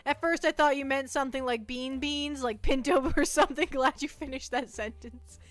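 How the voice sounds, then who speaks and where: A woman with a high voice and fairly even intonation streams from home at normal speed, chatting casually to a live audience. Over-caffeinated and jittery, she rambles playfully and pokes fun at herself. The close mic has no echo, with faint music behind.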